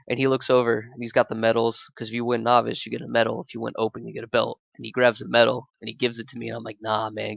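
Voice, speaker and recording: Gravelly, profane man telling fight stories. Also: medium pitch, fast talker, hardly any pauses, dry recording, lo-fi sound. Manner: animated, profane, laughing, acts out quoted voices. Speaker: podcast co-host, amateur Muay Thai fighter. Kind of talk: casual storytelling chat.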